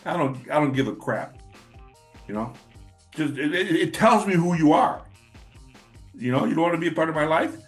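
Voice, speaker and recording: A man's voice: fairly high pitch, very animated, measured pace, pauses often, faint music behind. Blunt, profane middle-aged man. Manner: blunt, profane, rambling with repeats. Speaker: channel host. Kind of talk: casual personal monologue.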